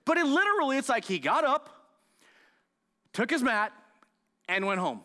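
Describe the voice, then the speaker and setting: A male pastor from the United States preaching a sermon, telling the story with animated, acted-out outbursts. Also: very high voice, normal speed. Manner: animated storytelling, acts out scenes, loud excited outbursts.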